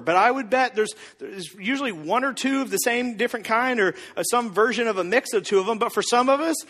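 A man preaches with a very high, bright, forceful voice that rises and falls in wide swings as he acts out the people he quotes in comic voices. The sound rings through a large hall with a long reverb behind it. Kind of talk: sermon.

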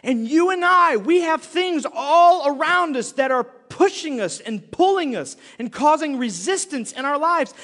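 A man's voice: very high-pitched, animated, unhurried, hardly any pauses, a bit bright. A man preaching a sermon with lots of energy, acting out little voices and laughing often. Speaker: pastor. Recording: long hall reverb.

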